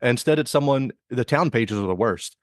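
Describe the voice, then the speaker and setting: A man's voice: mid-range voice, lively intonation, normal speed, no echo, clean studio sound. A man co-hosting a podcast in casual chat, joking and acting out mock quotes. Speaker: podcast co-host.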